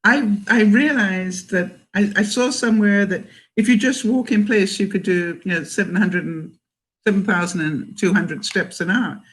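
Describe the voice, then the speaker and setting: A woman's voice: medium pitch, moderate pace. An older woman from Canada, vlogging in a casual livestream chat, talking chattily, laughing often and reading viewer comments aloud.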